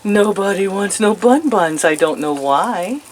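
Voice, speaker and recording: A woman's voice: mid-range voice, expressive, unhurried, slight background noise, low-quality recording. An older woman chatting outdoors to her chickens and rabbits, cooing in sing-song baby talk and laughing often. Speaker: vlogger. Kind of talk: casual chat to pets.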